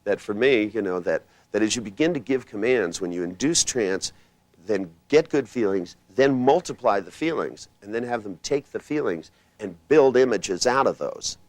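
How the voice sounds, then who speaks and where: A man's voice: lowish voice, expressive, normal speed, darkish tone, no echo. Older man lecturing a workshop, dry sound. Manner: rambling, conversational, chuckling asides, punchy commands. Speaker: trainer teaching hypnotherapy techniques.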